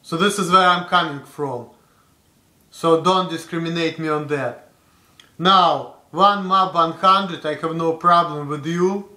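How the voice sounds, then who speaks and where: A young man from Russia talks straight to the camera in a Russian accent, blunt and rambling, full of fillers. His voice sits a bit high and sounds bright and forward. The room around him is echoey. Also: a little slow. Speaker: vlogger. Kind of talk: casual talk to camera.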